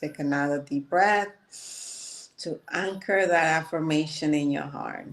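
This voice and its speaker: A woman calmly leading guided breathing and affirmations. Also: low voice. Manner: calm, measured guidance. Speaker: spiritual teacher.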